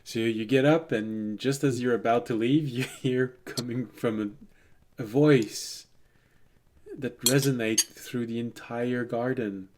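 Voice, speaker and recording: A man narrating a tabletop role-playing game as game master, telling the scene with animated storytelling. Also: medium pitch, slow, slight background noise.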